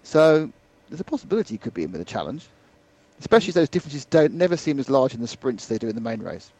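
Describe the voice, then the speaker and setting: A man co-presenting a motorsport radio podcast, giving chatty, animated analysis in casual conversation. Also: medium pitch, fast talker, lo-fi sound.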